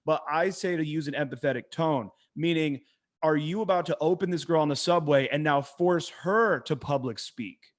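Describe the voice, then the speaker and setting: A man, a dating coach, talking casually on a podcast, an animated and profane storyteller who acts out quotes in a hushed voice. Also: on the high side, normal speed. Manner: profane, emphatic.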